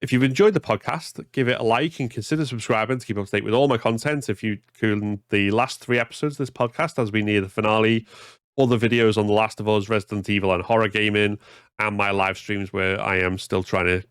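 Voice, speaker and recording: A man hosts a relaxed podcast, stumbling over his first words before settling in. His voice sits fairly low and sounds dry and close to the mic. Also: fairly quick, smooth, no room sound. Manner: hesitant, repeats words when starting. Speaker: podcast host. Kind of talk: casual podcast chat.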